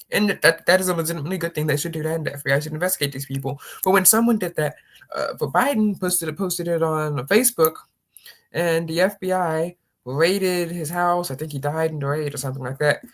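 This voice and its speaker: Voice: medium pitch, a bit bright. A rambling political commentator talking casually, with many restarts and mocking impressions of opponents.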